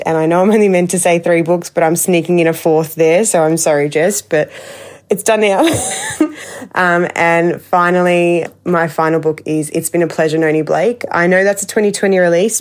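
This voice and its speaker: A woman's voice: low-pitched, a little mellow. A woman with an Australian accent, chatting enthusiastically as she recommends her favourite books. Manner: chatty, enthusiastic, laughs easily. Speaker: book reviewer. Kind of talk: casual book recommendations.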